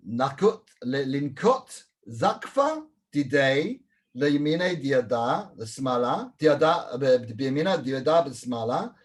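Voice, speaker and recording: A man walking listeners through an old text, line by line. He is animated and loose, often repeats himself and checks in with "right?". His pitch sits in the middle range. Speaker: Talmud teacher. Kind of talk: explaining a Talmud page.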